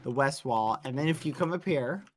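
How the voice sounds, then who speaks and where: A man giving a rambling tour during a game role-play. He talks haltingly with many fillers and breaks into high, shocked yelps when flustered. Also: animated. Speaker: streamer showing his base. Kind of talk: casual role-play chat while gaming.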